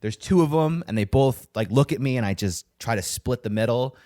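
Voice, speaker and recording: Profane, animated young male podcast host. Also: medium pitch, brisk, no echo, studio quality. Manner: profane, animated storytelling with acted-out quotes. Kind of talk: casual chat. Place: Denver.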